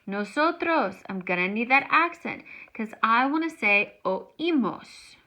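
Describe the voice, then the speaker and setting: A woman's voice: on the high side, lively intonation, moderate pace, bright, forceful tone, poor audio. A woman teaching a grammar lesson, explaining each step patiently. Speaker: Spanish teacher.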